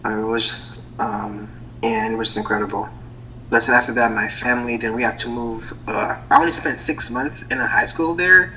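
A young adult man from Haiti with a Haitian accent, a guest in a casual interview, talking hesitantly with many pauses and restarts. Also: mid-range voice, fairly even intonation, sharp tone, slight background noise, low-quality recording.

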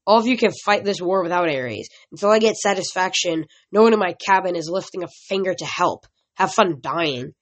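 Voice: mid-range voice, animated, fairly quick, few pauses, a bit bright, natural voice. Reader doing a tough teen warrior girl, snapping, defiant, storybook. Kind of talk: amateur audiobook reading.

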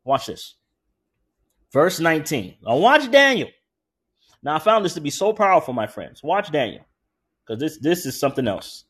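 Animated, conversational male preacher. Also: fairly high pitch, breathy edge. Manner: conversational, animated preaching with frequent asides to the congregation; slows way down to read scripture aloud. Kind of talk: sermon.

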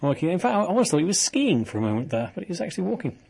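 A man hosts a talk radio show from the studio. His voice is slightly husky, and his talk runs chatty, wry and teasing as he banters with callers and co-hosts. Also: high-pitched, sing-song, racing, a little mellow. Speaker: radio presenter.

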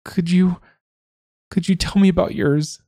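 A man voicing a distraught young woman who speaks in a high, shaky, pleading voice. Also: fairly even intonation, a little slow, creaky, mellow, dry recording, studio quality, exaggerated voice. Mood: tearful.

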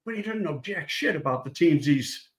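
A man's voice: on the high side, animated, normal speed, fairly bright tone, roomy sound. An older man, a guest in a casual chat, telling blunt, rambling football stories with swearing and restarts. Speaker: guest, former football scout.

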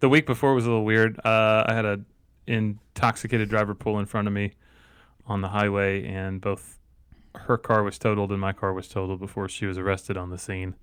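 A man's voice: lowish voice, a little fast, smooth, dry recording, clean studio sound. A middle-aged man co-hosting a podcast, telling stories in a casual, joking way. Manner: joking, animated storyteller. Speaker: podcast co-host. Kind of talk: casual chat.

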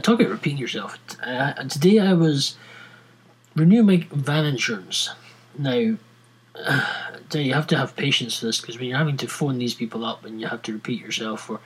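A man's voice: medium pitch, breathy edge, low-quality recording. A Scottish man talking casually to viewers, ranting at length with many restarts and fillers. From Scotland.

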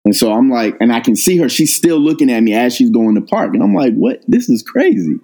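Middle-aged guy telling his story on a show, warm mellow voice, gets really animated quoting himself. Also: medium pitch, fairly quick, poor audio. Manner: animated retelling, rises sharply when quoting himself. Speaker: guest sharing a personal story. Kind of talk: conversational storytelling.

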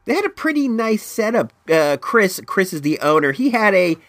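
A man with a stuffed-up nose from allergies hosts a casual solo podcast from his home in California, rambling, repeating words, and swinging his pitch widely high and low. He talks at a normal speed with a slightly bright tone, and the sound is clean studio quality with no room sound.

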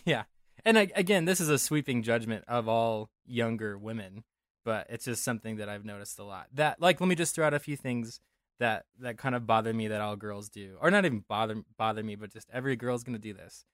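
With a fairly low pitch, lively intonation and a fairly bright tone, this young Denver, USA man speaks briskly. He co-hosts a casual podcast, rambling, joking and correcting himself, in studio-quality audio with no room sound.

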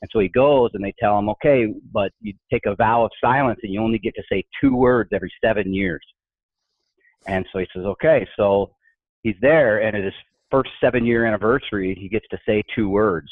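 A man's voice: fairly low pitch, brisk, no echo. A man casually chatting as a workplace humor speaker, telling anecdotes and acting out the voices in them. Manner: animated storyteller, acts out quoted voices. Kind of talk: casual podcast conversation. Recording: tinny phone-like line, dry.

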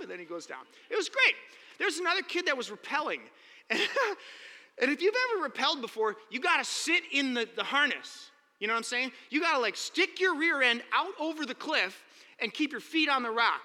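A man gives a sermon, telling stories with animation and playing out each quote. His voice sits high and sounds very bright. It rings with a long reverb from a large hall. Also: fairly quick. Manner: animated storytelling, acting out quotes.

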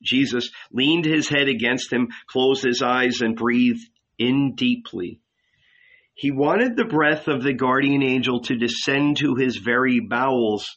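A man reading literary fiction aloud as narrator in a slow, measured, solemn style. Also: medium pitch, a bit bright, muffled recording. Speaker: audiobook narrator.

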